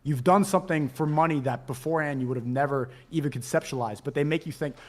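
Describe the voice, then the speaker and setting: A man's voice: a little high, quick pace, a little mellow. A young man speaking hesitantly in casual stream chat, with many restarts as he tells a confessional story. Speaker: former model, stream guest.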